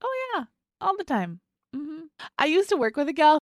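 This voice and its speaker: A woman's voice: sits high, very animated, moderate pace, dry recording, clean studio sound. A middle-aged woman, co-hosting a podcast in casual chat, telling anecdotes and laughing often. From Minnesota. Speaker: podcast co-host.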